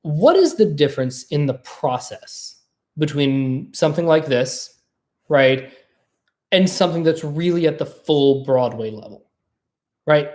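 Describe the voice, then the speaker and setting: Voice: mid-range voice, a little slow. A podcast host telling a personal story in a casual monologue, talking conversationally and acting out the people in it. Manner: animated storytelling, acting out quoted exchanges; conversational, with fillers and frequent "right?".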